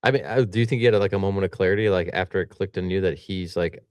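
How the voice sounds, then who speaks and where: Deep, quick male host, dry close sound, short affirmations and questions. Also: darkish tone, no echo. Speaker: podcast host. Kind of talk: casual interview.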